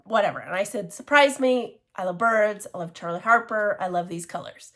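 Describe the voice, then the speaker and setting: A woman chatting casually in a show-and-tell craft vlog, gushing and excitable, with many restarts and laughs. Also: medium pitch, moderate pace. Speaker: cross-stitch vlogger.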